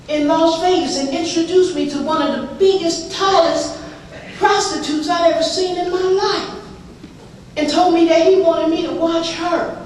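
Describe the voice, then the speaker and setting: A woman's voice: sits high, recorded from a distance, slight background noise. A woman telling her own life story to an audience, wry and self-mocking, with a comic touch. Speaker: speaker sharing a recovery story. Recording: echoey hall, heard from afar.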